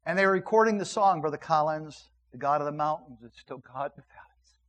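Middle-aged male pastor, a touch high-pitched; earnest sermon, loud emphatic peaks, hushed story passages. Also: fairly quick, poor audio.

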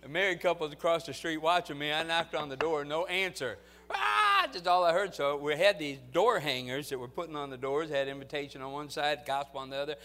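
Male pastor with a high voice. Storytelling sermon, quiet anecdotes building to fervent, loud exhortation. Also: steady tone, fast talker, hardly any pauses.

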